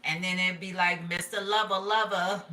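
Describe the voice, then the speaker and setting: A woman's voice: fairly low pitch, fairly even intonation, moderate pace, pushed and bright, echoey room, recorded from a distance. A woman giving a casual, profane tarot reading, talking in a streetwise way and laughing often. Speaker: tarot reader.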